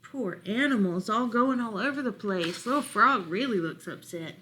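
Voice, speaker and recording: A woman librarian reading a picture book aloud to children, expressive and stopping to ask about the pictures. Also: on the high side, normal speed, a little hiss or hum.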